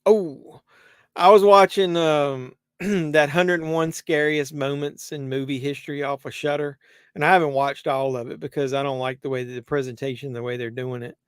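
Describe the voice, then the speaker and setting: A man's voice: on the high side, level tone, normal speed, clean tone, no room sound, clean studio sound. A man hosting a live movie watch-along, rambling conversationally with many fillers and restarts. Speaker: host.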